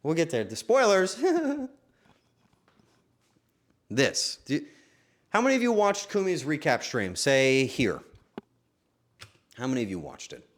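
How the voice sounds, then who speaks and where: A young man hosting a stream, telling a story to his chat in a casual, swearing, animated way. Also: on the high side, takes it slowly, pauses often. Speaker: streamer host.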